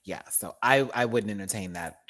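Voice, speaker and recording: Fairly low in pitch and at a normal speed, this American host rants about a show on his own channel's casual live stream. He's animated and sassy, cracking jokes and laughing.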